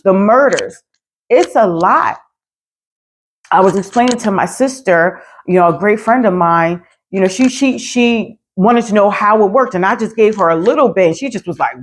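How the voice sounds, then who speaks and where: A woman's voice: medium pitch, a little hiss or hum. Woman preaching encouragement in a vlog. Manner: preacherly, exhorting, repeats phrases for emphasis. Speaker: vlogger and property manager.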